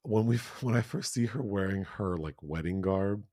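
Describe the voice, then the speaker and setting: A man co-hosting a film review chat in a fairly low voice, swinging between laughter and mock outrage. The recording is dry and close, with no room sound. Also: normal speed, no echo. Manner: animated, laughing, exaggerated outrage. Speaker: podcast co-host.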